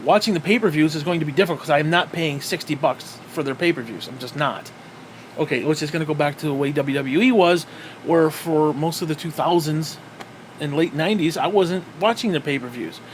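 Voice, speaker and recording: A man's voice: a little high, a little hiss or hum. A man giving a profane, exasperated solo rant as a wrestling reviewer, sighing often. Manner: profane, exasperated ranting with sighs. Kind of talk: ranting solo commentary.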